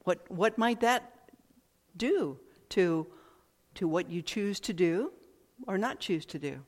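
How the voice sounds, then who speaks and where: A woman giving a thoughtful, reflective talk at an unhurried pace, often repeating phrases and pausing to find words. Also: on the low side, lively intonation. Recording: long hall reverb.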